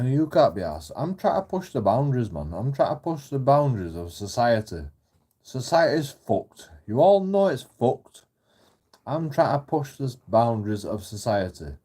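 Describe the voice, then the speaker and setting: Husky man ranting and swearing. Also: medium pitch, warm tone. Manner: profane, repetitive ranting. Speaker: channel host. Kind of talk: ranting monologue vlog.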